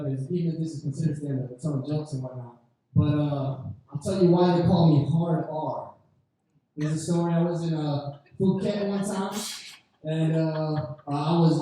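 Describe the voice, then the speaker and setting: A man's voice: a little high, mellow. A young man doing a rambling, profane stand-up story at an open mic, heard from a distant camera in a lounge. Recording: very echoey room from far off.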